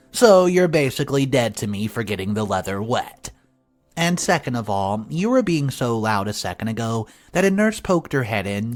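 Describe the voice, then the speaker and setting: A man narrating an online family-drama story in a sarcastic, wry tone. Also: medium pitch.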